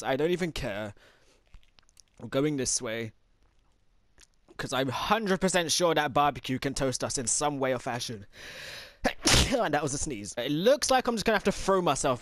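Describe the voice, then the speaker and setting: A young man giving let's play commentary, frustrated and swearing, yelling at the game. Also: on the high side, no room sound. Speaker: gameplay commentator.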